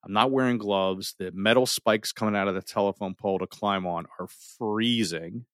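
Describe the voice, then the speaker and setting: A middle-aged man telling a personal story in an animated way, full of restarts and dramatic pauses. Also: lowish voice, no room sound, clean studio sound.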